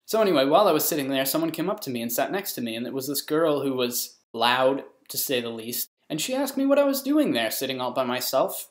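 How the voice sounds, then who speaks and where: A young man rambles through a comic story for his vlog, piling up absurd jokes and mocking himself. His voice sits at a middling pitch. It rings in an echoey room. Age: young adult. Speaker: vlogger. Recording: roomy echo.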